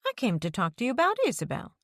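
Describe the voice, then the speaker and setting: A woman's voice: a little high, huge pitch swings, fast talker, fairly bright tone, no echo, clean studio sound, voice pushed up, exaggerated voice. A woman voicing a stubborn, meddling older mother who scolds her grown son about the town's gossip. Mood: scolding. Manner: scolding, nosy, disapproving.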